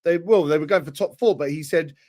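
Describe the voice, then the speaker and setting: A man argues football on a lively podcast panel, in a voice pitched a bit above the usual. He keeps pressing his point and restarts his sentences as he talks over the others. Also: quick pace. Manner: insistent, argumentative, repeats words while pressing a point. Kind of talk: heated casual debate.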